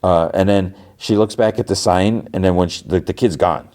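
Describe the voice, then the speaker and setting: A man's voice: deep voice, moderate pace, darkish tone. A man hosting a podcast, recapping a TV episode in a loose, rambling way full of fillers and restarts. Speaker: podcast host.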